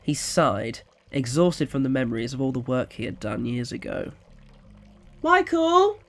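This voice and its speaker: A man narrating an audio story in a quiet, even storytelling manner. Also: mid-range voice, moderate pace.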